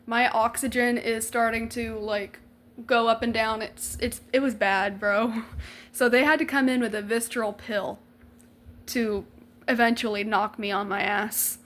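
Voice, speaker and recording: A woman's voice: a little high, fairly even intonation, a little slow, fairly bright tone. A young adult woman vlogger telling a personal story in a candid, emotional way, swearing freely and using slang and lots of likes.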